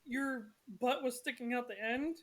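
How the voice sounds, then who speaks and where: A woman's voice: a little high, measured pace. A woman narrating a tabletop game session as game master, chatty and apologetic with many fillers.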